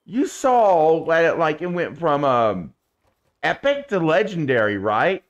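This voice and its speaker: A man's voice: a little high, sing-song, measured pace, dull audio. A man streaming a video game, chatting to viewers and cooing baby talk at his in-game pet. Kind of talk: casual gameplay commentary.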